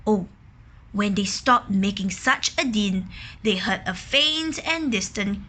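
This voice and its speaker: A woman reading a children's picture book aloud, pausing to ask questions, explain words and imitate quacking ducks. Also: medium pitch, expressive, sharp tone. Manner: imitates quacking and gasps for effect. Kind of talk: children's story read-aloud.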